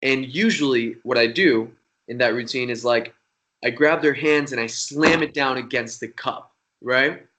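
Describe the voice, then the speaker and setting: A young man tells a story in a casual, rambling way. His voice is bright and forward, and he swears freely as he goes. He talks at a middle pitch. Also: unhurried. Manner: profane, rambling, animated. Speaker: magician guest.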